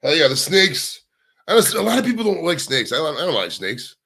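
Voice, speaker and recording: A man's voice: fairly high pitch, sing-song, moderate pace, gravelly, pushed and bright. A young man hosting a casual livestream from home, rambling and swearing as he chats to his viewers. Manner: rambling, profane, chatting to viewers. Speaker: livestream host. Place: home, indoors.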